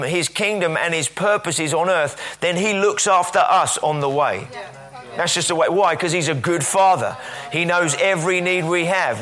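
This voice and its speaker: A man's voice: on the high side, bright, forceful tone. A man preaching a sermon as pastor, conversational and rambling, telling stories with plenty of fillers.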